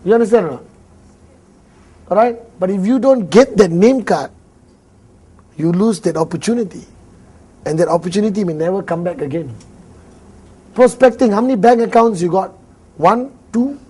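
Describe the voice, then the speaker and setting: Man, Malaysian English accent, high voice, motivational speaker, jokey, acts out dialogues, laughs a lot, live audience talk. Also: animated, normal speed, long pauses, dark tone, husky. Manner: joking, acts out little dialogues, laughs often.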